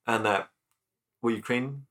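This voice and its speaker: A man co-hosting a podcast, cracking dry, teasing deadpan jokes in casual banter. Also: medium pitch, slow. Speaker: podcast co-host.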